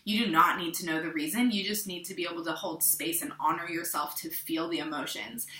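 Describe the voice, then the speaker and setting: A woman's voice: lowish voice, a little fast, echoey room, slight background noise. A young adult woman from the Pacific Northwest, talking candidly and reflectively to her channel's viewers, with frequent restarts. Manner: candid, rambling, with frequent restarts and soft asides. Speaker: vlogger. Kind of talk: casual reflective talk to camera.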